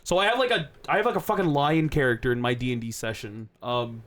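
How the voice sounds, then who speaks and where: A livestream host chatting casually, animated, laughing and swearing often. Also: mid-range voice, quick pace. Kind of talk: casual chat.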